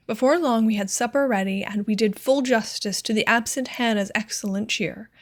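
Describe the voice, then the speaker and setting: A woman narrating a classic short story as an audiobook reader, in a measured, clear storytelling manner. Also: on the high side. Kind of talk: scripted narration.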